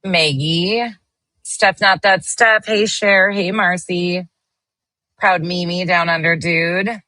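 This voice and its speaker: Low-pitched, bright-voiced woman streamer. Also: steady tone, takes it slowly, no echo. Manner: greets viewers by name while reading chat, blunt and sometimes swearing. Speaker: livestream host. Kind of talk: casual livestream chat.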